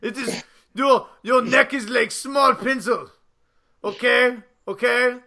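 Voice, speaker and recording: A man's voice: very high voice, takes it slowly, bright, forceful tone, heavily acted. A man doing a boastful Russian boxer. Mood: boasting. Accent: Russian, put on. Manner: broken-English bragging, mock-menacing.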